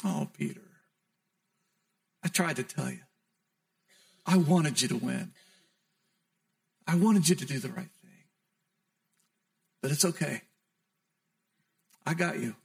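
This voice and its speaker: A tender, forgiving man's voice, hushed and consoling, pitched fairly high, as a preacher puts him on. He speaks softly and gently, as if comforting someone close. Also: takes it slowly, creaky, long pauses, recorded from a distance, heavily acted.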